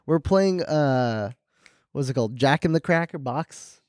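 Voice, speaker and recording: A man's voice: medium pitch, animated, measured pace, a little mellow, no echo, clean studio sound. A man co-hosting a casual podcast, worn out after a long stream, playful and laughing often. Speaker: podcast co-host.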